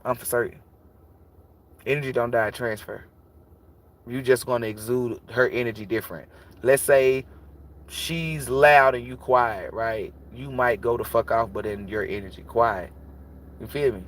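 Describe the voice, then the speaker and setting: A man's voice: medium pitch, a little slow, pauses often, fairly bright tone. A man who reads tarot, talking bluntly and casually on a livestream and preaching about energy with plenty of swearing. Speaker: tarot reader.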